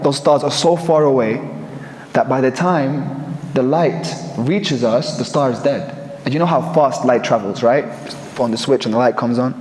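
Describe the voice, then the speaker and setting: A man telling a personal story to listeners, reflective and earnest, with measured pauses. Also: mid-range voice, darkish tone. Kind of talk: first-person storytelling talk. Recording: echoey hall with faint ambience.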